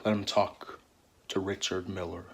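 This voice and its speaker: A man's voice: low-pitched, flat delivery, a little slow, creaky, fairly bright tone, a little hiss or hum. A man improvising role-play voices for game characters, stammering and repeating his words. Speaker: player voicing game characters.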